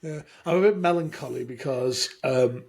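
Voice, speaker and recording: A man's voice: mid-range voice, normal speed, vocal fry, a little mellow. A man co-hosting a podcast in casual chat, teasing with dry jokes. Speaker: podcast co-host.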